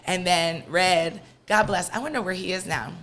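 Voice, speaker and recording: A woman guest on a podcast, telling a story from her childhood in a lively way and acting out the voices of the people in it. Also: lowish voice, normal speed, slight background noise. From Washington, D.C. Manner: lively, animated storyteller, acts out quoted voices. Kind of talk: casual storytelling interview.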